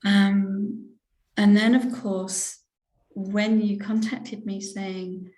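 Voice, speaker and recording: A woman in her sixties with an English accent, a reverend recounting a spiritual experience as an interview guest, hesitant and heartfelt, with many pauses and restarts. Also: mid-range voice, level tone, darkish tone. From England. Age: 60s. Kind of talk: personal spiritual testimony in an interview. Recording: roomy echo.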